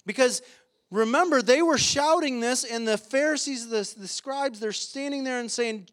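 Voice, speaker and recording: A male pastor with a high-pitched voice delivering a sermon. He preaches with passion, climbing to emphatic peaks, and pauses on filler sounds between points. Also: expressive, a bit bright. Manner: impassioned, rising to emphatic peaks, with frequent "uh" fillers.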